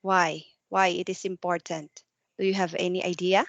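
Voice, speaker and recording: A woman tutoring English one to one over a video call, asking patient questions and explaining slowly with some non-native grammar. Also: fairly low pitch, level tone, gravelly, dry recording, muffled recording. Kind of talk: one-to-one online English lesson.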